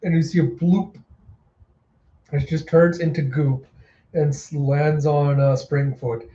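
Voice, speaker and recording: A man's voice: on the high side, level tone, slow pace, warm tone. A man reading a manga aloud in a casual readthrough, narrating the panels with a few slips. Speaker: reader. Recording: echoey room, dull lo-fi sound.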